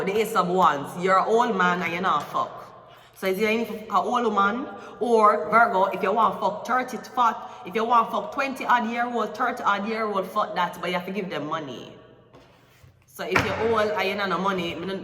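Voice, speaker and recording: Foul-mouthed Jamaican woman, bright and echoey. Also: lowish voice. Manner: vulgar, confrontational, swears constantly. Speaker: tarot reader. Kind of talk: profane ranting tarot reading. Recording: echoey room from far off the mic.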